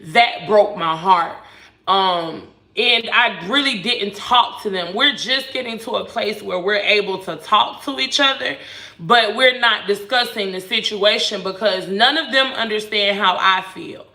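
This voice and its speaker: A woman vlogger in her thirties cooks in her home kitchen while chatting candidly with viewers in casual slang, telling stories. Her mid-range voice is unhurried, pushed and bright, and the kitchen sounds echoey.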